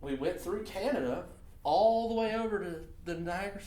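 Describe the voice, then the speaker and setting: A man's voice: high voice, animated, moderate pace, a little mellow, roomy sound, slight background noise. A man co-hosting a podcast, telling a profane road story in casual chat and laughing often. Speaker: podcast co-host.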